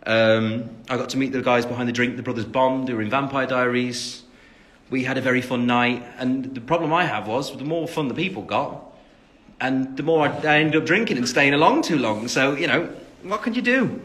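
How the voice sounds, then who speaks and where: A man's voice: mid-range voice, brisk, a bit bright. A young man from the English West Midlands with an English accent, chatting on a phone livestream and reading out fan questions between lots of ums. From England, West Midlands. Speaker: singer answering fans on a livestream. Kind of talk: casual live-stream Q&A.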